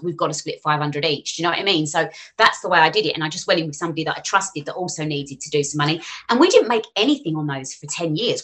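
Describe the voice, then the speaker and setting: A woman talks fast and casually as a podcast guest, acting out the people she quotes. Her voice sits fairly low but has a bright, forceful edge. She rushes from one thought to the next. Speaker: guest, finance author.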